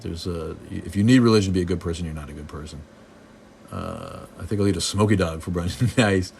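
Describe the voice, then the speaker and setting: Low-voiced, snarky man from Boston, middle-aged, hosting a loose live-stream chat. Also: fairly quick, creaky, a little mellow, a little hiss or hum. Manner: snarky, joking, loose with many restarts. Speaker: live stream host answering viewer comments.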